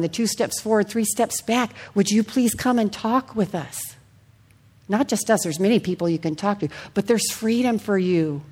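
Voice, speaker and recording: Woman, preacher, sermon, earnest, personal testimony, hushed moments, church hall. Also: medium pitch.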